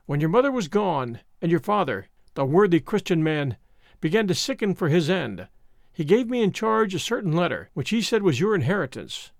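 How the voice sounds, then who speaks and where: A man's voice: high voice, big pitch swings, moderate pace, gravelly, no echo, studio quality, full character voice. A man reading as a solemn old minister. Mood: earnest counsel. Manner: solemn, sermonizing, old-fashioned. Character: kindly old Scottish country minister, earnest. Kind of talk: audiobook reading.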